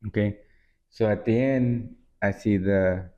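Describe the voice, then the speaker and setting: Low, mellow man with lo-fi sound. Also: slow pace. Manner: easygoing listener, lots of "yeah", relaxed anecdote telling. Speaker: podcast co-host. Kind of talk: casual chat. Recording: dull lo-fi sound.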